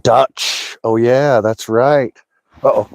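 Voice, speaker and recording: A man's voice: medium pitch, fairly even intonation, slow pace, dry recording. Rambling man chatting on a livestream. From USA. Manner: rambling, talks to chat, laughs often. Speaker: fishing livestream host. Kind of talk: casual livestream chat. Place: outdoors by a lake in the snow.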